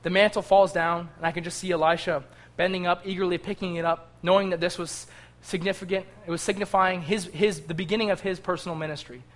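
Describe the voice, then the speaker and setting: A man's voice: high-pitched, steady tone, fast, fairly bright tone. A man preaching a sermon with fervor, reading scripture aloud and rising to impassioned cries.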